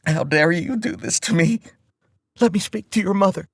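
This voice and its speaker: A man's voice: high-pitched, normal speed, no room sound, studio quality, pitched above the performer's own voice. A man voicing a distraught, furious middle-aged woman who berates someone over the phone through tears in an audiobook. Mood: enraged. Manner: shrieking, tearful berating.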